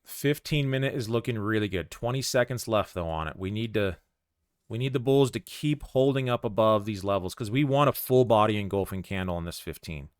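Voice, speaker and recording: A man giving live commentary on his day trade, thinking aloud in a calm, conversational way. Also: on the low side, brisk, clean tone, no room sound, studio quality.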